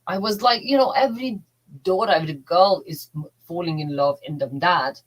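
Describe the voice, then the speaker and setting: A middle-aged woman who works as a relationship coach, telling a personal story in a heartfelt, halting way with broken grammar. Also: mid-range voice, low-quality recording.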